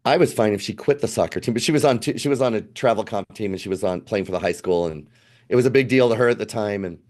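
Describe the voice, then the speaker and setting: A man in his fifties, a podcast guest telling a family travel story in a casual, animated way, acting out what people said. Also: fairly low pitch, fast talker. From United States. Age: 50s.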